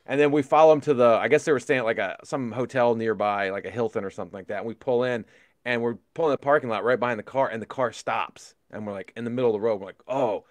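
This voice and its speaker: A middle-aged man spins a story at a rapid clip, excitable and profane, jumping into re-enactments as he goes. His voice sits at an ordinary pitch and sounds close and dry, with no room around it. It feels like relaxed podcast chat between old friends. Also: no room sound. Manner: excitable storyteller, heavy swearing, animated re-enactments. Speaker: podcast co-host.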